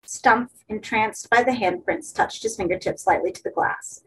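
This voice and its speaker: A woman narrating a horror story for an audiobook in a steady, measured way. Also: medium pitch, slightly rough, low-quality recording.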